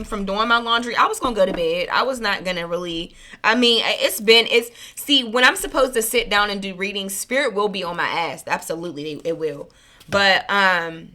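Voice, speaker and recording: A woman's voice: mid-range voice, bright, forceful tone. A woman running a spiritual reading channel, talking casually and earnestly to her viewers, rambling and correcting herself as she goes. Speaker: spiritual reader and channel host. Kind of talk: casual heartfelt monologue to viewers.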